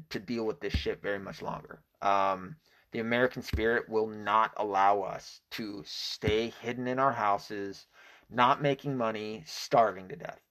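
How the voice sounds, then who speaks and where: A man's voice: fairly low pitch, fairly bright tone. Man, livestream host, blunt, swears a lot, restarts sentences, laughs at himself. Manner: profane, blunt, frequent restarts; chuckles at himself. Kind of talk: casual rambling livestream talk.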